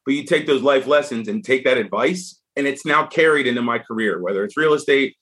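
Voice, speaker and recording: A man speaks as a podcast guest in a mid-range voice, neither high nor low. He tells his story casually and with energy, and he often restarts his sentences as he goes. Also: fairly quick. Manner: animated, frank storyteller with frequent restarts.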